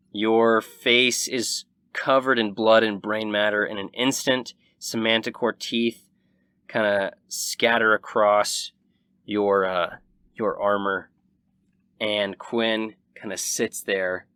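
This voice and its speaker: A man's voice: on the low side, clean tone, dry recording. Young man narrating as game master. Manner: vivid, relaxed storytelling.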